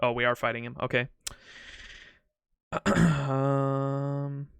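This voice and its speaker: A man's voice: mid-range voice, level tone, very slow, vocal fry, fairly bright tone, clean tone, no room sound. A young man casually chatting as a streamer during a live game playthrough, upbeat and laughing easily.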